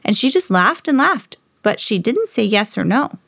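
A woman voicing a curious, confident young schoolgirl in a read-aloud storybook, in an earnest, measured way. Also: a little high, big pitch swings, vocal fry, fairly bright tone, no room sound, clean studio sound, heavily acted.

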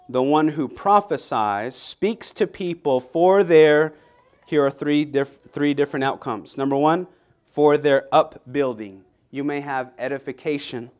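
Earnest man preaching a Sunday sermon. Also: on the high side. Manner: conversational, earnest preaching with frequent restarts; reads scripture aloud slowly and deliberately.

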